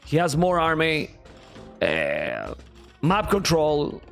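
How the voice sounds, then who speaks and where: Excitable Spanish-accented man casting a game. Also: on the high side, takes it slowly, vocal fry, soft background music. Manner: excitable, reacts loudly to viewers. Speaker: esports caster. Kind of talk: live game commentary.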